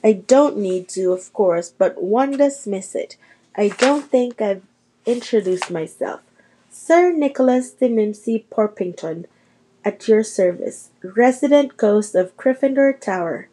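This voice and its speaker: A woman's voice: medium pitch, lively intonation, unhurried, mellow, a little hiss or hum, close to an everyday voice, low-quality recording. Woman doing a prim, fussy old male ghost. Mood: wistful. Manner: prim and stiff.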